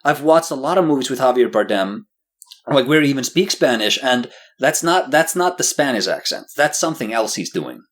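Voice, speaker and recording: A man co-hosting a casual podcast discussion, giving joking, animated critical opinions. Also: mid-range voice, brisk. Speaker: podcast co-host.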